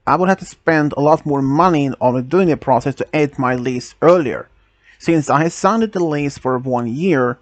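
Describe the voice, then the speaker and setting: Guy telling a story, kinda high voice, stumbles and restarts a lot, dry sound. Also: dry recording. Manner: halting, with frequent restarts and non-native phrasing. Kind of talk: casual first-person story narration.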